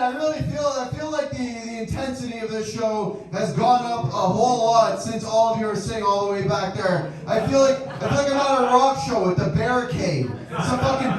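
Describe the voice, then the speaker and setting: A man's voice: very high-pitched, distant mic. A man hosting a live comedy show, doing brash, profane crowd work and laughing with the audience. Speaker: comedy host. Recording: echoey room, mic heard from afar. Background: crowd reactions.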